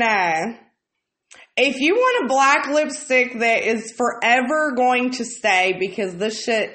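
A woman's voice: on the high side, a bit bright. A woman vlogger telling stories in a blunt, exasperated, heavily profane rant. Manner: heavy swearing, blunt and exasperated. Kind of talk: casual storytelling rant. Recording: roomy echoey room.

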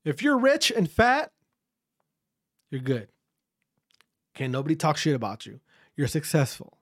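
Rambling, profane podcast host. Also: male voice, on the high side, huge pitch swings, a little slow, no echo, clean studio sound. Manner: rambling, profane, self-interrupting. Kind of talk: casual podcast chat.

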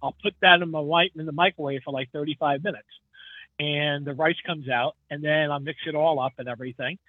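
A man talks in a loose, rambling way, laughing often as he goes. His voice sits a little high. The line is thin and tinny like a phone call, with no room sound. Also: steady tone, brisk, no room sound. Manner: rambling, chatty, laughs easily. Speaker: guest truck driver. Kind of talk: casual podcast chat.

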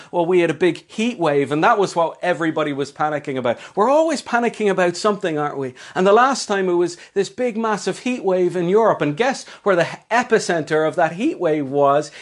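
A fairly high-pitched Irish man delivers a Sunday sermon. He leans on key lines by drawing them out slowly and checks in with his listeners through quick rhetorical questions. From Ireland. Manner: slows down to stress scripture, asks rhetorical questions. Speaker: pastor.

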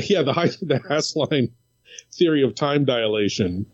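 Animated, jokey man, dry muffled sound. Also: medium pitch, no room sound. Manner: animated, jokey, quick to agree. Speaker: podcast co-host. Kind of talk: casual film discussion. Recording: dry, slightly muffled audio.

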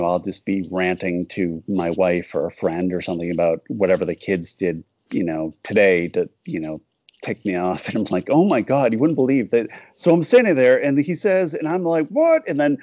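A cartoonist guest with a low, slightly mellow voice discusses his cartoons in an interview, rambling casually, often cutting himself off and playing out little quoted dialogues. The recording has no room sound and its highs are cut off.

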